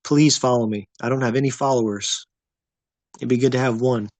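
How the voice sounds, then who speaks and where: Male streamer, mid-pitch, easygoing rambling chat, dry close sound. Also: fairly even intonation, fairly quick, darkish tone, no echo. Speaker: livestream host. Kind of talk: casual livestream chat with viewers.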